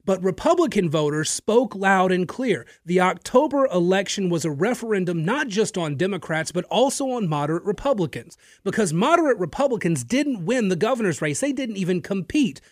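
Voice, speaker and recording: A male radio talk show host, his voice high and sing-song, speaks fairly quickly with hardly any pauses. He addresses his listeners in an emphatic, opinionated political monologue with an occasional filler or repeated word, captured on a studio microphone with no echo.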